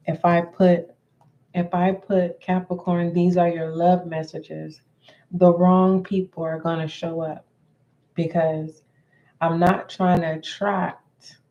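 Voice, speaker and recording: Slow, flat-voiced woman tarot reader. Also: on the low side, dull audio. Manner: deliberate, repeats herself, clears throat often. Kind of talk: slow spoken tarot reading.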